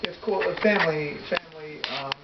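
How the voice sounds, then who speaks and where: A middle-aged musician looks back on his career in a casual interview, his voice brisk and on the high side. He rambles, corrects himself along the way, and laughs easily. The recording is echoey, distant and dull, with loud noise.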